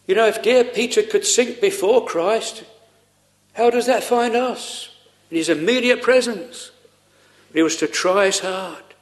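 A man preaching a solemn, earnest sermon with slow pauses, quoting old scripture. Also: sits high.

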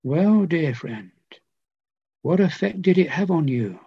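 An older man preaching a sermon, earnest and pleading, with repeated phrases and long pauses. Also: on the high side, sing-song, slightly rough, no room sound. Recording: dull lo-fi recording.

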